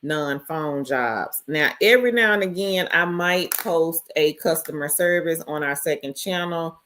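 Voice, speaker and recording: A woman's voice: low voice, a little slow, fairly bright tone, slight background noise. A woman hosting a casual live stream, greeting viewers by name and reading their chat messages aloud. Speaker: livestream host.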